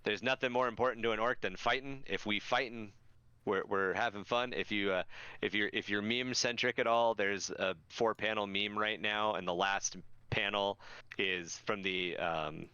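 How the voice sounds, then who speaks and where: A man's voice: fairly low pitch, steady tone, moderate pace, sharp tone, smooth, dry recording, highs cut off. A man co-hosting a podcast, explaining with enthusiasm in casual chat. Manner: enthusiastic explainer who acts out jokes. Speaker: podcast co-host.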